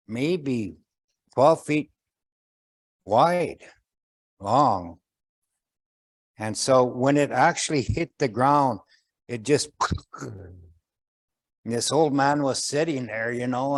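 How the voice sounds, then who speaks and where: Older male storyteller, unhurried, gentle, pauses and fillers, folk tale delivery. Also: medium pitch. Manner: slow, gentle, pausing with fillers, voices characters. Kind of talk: traditional oral storytelling.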